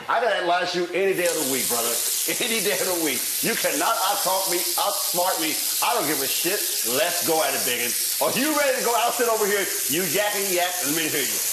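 Brief: fast, lively-pitched man, taunting and profane, room echo. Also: heavy background noise. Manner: taunting, profane, repeats himself. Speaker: reality show housemate. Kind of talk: heated argument. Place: large room in a house.

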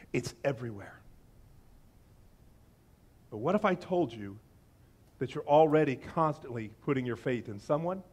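A male pastor giving a sermon with animated storytelling, acting out the quoted voices of his listeners and biblical figures. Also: fairly high pitch, husky.

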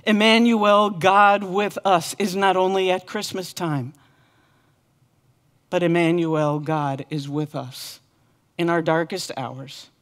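Slow, earnest woman pastor preaching. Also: lowish voice, fairly even intonation. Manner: earnest, impassioned repeated lament. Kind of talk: sermon.

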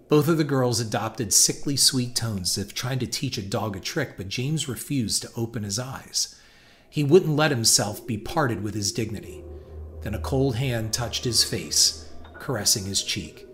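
A man giving a measured, dramatic scripted narration of a horror story. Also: mid-range voice, fairly bright tone. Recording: noisy hiss behind voice.

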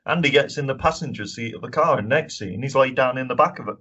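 Fast and sharp, with a husky mid-range voice, one podcast co-host tears into films in a casual review chat. He swears a lot and laughs often, and the audio is dull and lo-fi.

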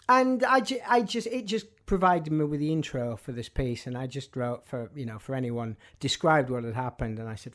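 A man's voice: on the high side, animated, normal speed, few pauses. A man, a music journalist telling anecdotes in an interview, with a dry, wry humour.

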